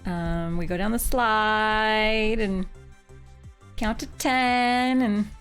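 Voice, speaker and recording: A woman from Canada chats casually with her stream audience. Her voice is mid-pitched and her talk is loose and giggly, full of "like". Game music plays faintly under her. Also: steady tone, extremely slow, a bit bright, smooth. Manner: chatty and giggly, saying "like" often. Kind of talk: casual chat with live viewers.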